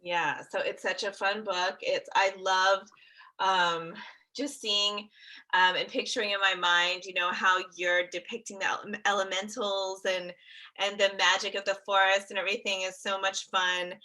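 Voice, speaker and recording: A young adult woman hosts a live interview in an easy, chatty way. Her voice is bright and forceful, and she laughs freely as she talks. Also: mid-range voice, little pitch movement, normal speed, low-quality recording. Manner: chatty, laughs often, upbeat. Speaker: host. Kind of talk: casual live interview chat.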